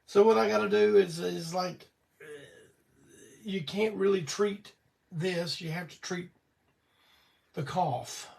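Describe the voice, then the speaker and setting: Gravelly older man, weak voice. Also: sits high, slow, pauses often, darkish tone, distant mic. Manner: rambling, folksy, swears casually. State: weak voice from illness and cough syrup. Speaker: host of a weekly live show. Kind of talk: casual storytelling on a livestream.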